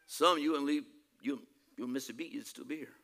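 A male preacher giving a sermon, emphatic, swinging between loud exclamations and quiet asides. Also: medium pitch, fairly quick, vocal fry.

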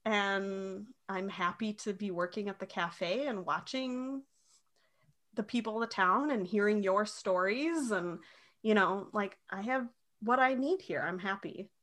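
A woman voicing an easygoing, modest young woman in a plain, relaxed way. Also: medium pitch, a little slow, lightly acted.

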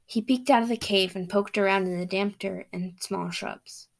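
On her podcast, a young woman reads aloud a fantasy story she wrote herself, keeping a steady, casual tone at a moderate pace. Her ordinary mid-pitched voice carries a noticeable gravelly fry.

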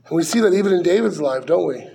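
A man's voice: fairly high pitch, animated, fast, creaky, dark tone. A man, likely a pastor, preaching a verse-by-verse sermon in a conversational way, with rhetorical questions and dry asides.

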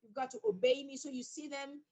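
A woman's voice: high-pitched, level tone, a little fast, a little mellow, low-quality recording. A woman, an author, telling a story from her working life in an emphatic, bold way as an interview guest. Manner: emphatic, bold, laughs often. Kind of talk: animated storytelling in conversation.

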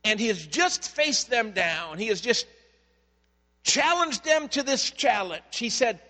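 A male pastor preaches with lively, conversational storytelling, his voice pitched notably high. Every phrase rings out into a long-echoing hall, as from a church sanctuary. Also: unhurried. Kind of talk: sermon.

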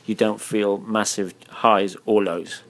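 A man's voice: on the low side, flat delivery, takes it slowly. A man hosting a casual interview, blunt and swearing freely, his voice tired. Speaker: podcast host. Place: hotel room.

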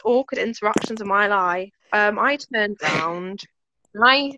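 A woman's voice: medium pitch, animated, measured pace, pushed and bright, no room sound, dull audio. A young woman co-hosting a podcast, telling a story in a rambling, giggly way and saying "like" a lot. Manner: giggly, rambling, heavy use of "like". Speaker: podcast co-host. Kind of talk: casual storytelling chat.

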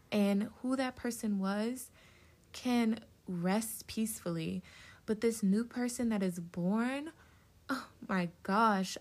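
Heartfelt young woman with a gravelly voice. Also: mid-range voice, a little mellow. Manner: heartfelt, encouraging, speaks directly to the listener. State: getting emotional. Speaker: podcast host. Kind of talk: personal solo podcast talk. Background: plane passing.

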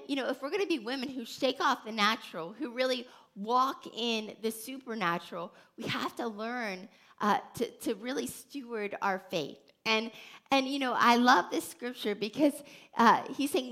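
Brief: female podcast host giving faith teaching, earnest and animated, bright tone with a fry edge. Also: fairly high pitch, normal speed. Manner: earnest, animated storytelling with many restarts.

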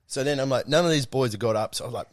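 A man's voice: medium pitch, racing, no echo, studio quality. A young Australian man telling a rambling, swear-filled story in a casual chat.

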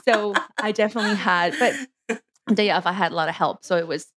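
A woman co-hosting a podcast speaks a little fast in a lowish voice over a noisy crowd. In casual chat she tells a story, acting out quotes and using lots of "like"s.

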